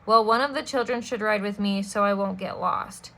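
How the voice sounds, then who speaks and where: A woman voicing a scheming male villain who fakes grief, speaking in a high, fluttery, falsely polite voice. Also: moderate pace, gravelly, fairly bright tone. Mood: sly.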